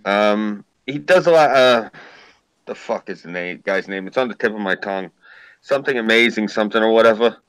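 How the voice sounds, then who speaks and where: A man's voice: lowish voice, a little fast, fairly bright tone, smooth, no echo, poor audio. A man hosting a live stream, chatting casually and telling rambling, profane stories.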